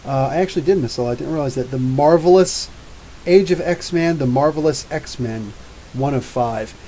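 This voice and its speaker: A man from New Jersey with drawn-out R's, hosting a live comics show. He rambles and jokes back at viewer comments in a slightly high voice. A faint hiss runs under the recording. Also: dark tone, rough recording. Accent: New Jersey with drawn-out Ohio-style R's. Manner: rambling, jokey, talks back to chat. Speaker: podcast host.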